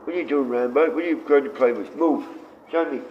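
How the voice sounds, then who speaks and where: A man's voice: mid-range voice, fast. A blunt Australian man in his sixties, chatting loosely on a live stream, reading comments and talking to his dogs. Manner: blunt, rambling, reads chat aloud and talks to his dogs. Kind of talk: casual live-stream chat. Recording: dull lo-fi stream audio with faint noise.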